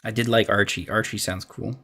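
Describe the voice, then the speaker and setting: A man streaming as a dungeon master, thinking aloud while planning a game, halting and trailing off into mumbles. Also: fairly low pitch, fairly even intonation, pushed and bright.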